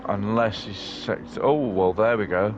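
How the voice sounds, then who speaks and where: A man's voice: lowish voice, unhurried, dull audio, noisy background. A British man co-commentating a sim race with joking, teasing banter.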